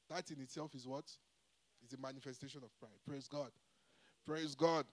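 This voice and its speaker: A man's voice: a little high, moderate pace. A man preaching a sermon, emphatic, often calling out to the congregation for a response. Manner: call-and-response, repeatedly asking the congregation "Hello?"; emphatic with swings in loudness and pace.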